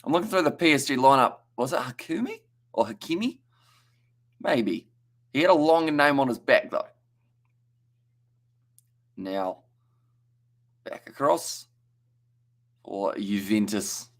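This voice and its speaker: A man's voice: medium pitch, lively intonation, slow, long pauses. Chatty New Zealand man calling a match. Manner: chatty play-by-play, reads out viewer chat, stumbles on names. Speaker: live match commentator. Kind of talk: casual live reaction commentary.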